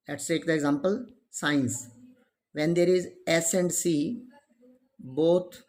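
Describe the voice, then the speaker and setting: Slow, methodical teacher. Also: male voice, fairly high pitch. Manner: explains slowly, step by step, with Hindi glosses. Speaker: English teacher. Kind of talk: classroom lesson on pronunciation.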